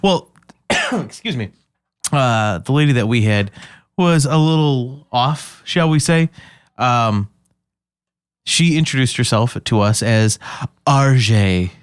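A man co-hosting a podcast, telling stories in a deadpan, dryly mocking tone. His voice sits at an ordinary middle pitch. The recording is close and dead dry. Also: takes it slowly, long pauses, clean tone, dry recording. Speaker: podcast co-host. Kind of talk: casual chat.

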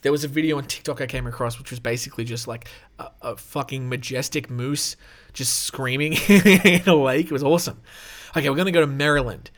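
A man's voice: mid-range voice, a little fast, a bit bright. A man hosting a casual podcast, reading notes aloud with off-the-cuff asides, swearing and laughing as he goes. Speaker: podcast host.

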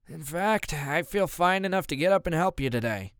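A man's voice: fairly high pitch, expressive, normal speed, fairly bright tone, clean tone, no room sound, studio quality, pitched above the performer's own voice. A man voicing an ill, easygoing father with a wry, tired manner, in an audiobook. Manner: laid-back, wry. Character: sick, easygoing middle-aged father.

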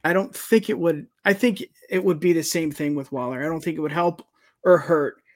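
Upbeat podcast co-host, slightly high voice. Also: male voice, normal speed. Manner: upbeat, hype-man shout-outs. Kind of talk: casual wrestling podcast chat.

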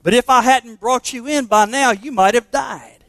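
A man's voice: very high-pitched, normal speed, a bit bright, no echo, studio quality. A man voicing a kind, tender-hearted woman in a told poem, speaking in raised, pleading cries.

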